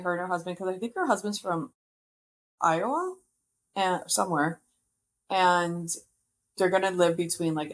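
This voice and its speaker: A woman hosting a podcast, chatting casually and gossiping about reality TV with frequent laughs. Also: on the low side. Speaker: podcast host.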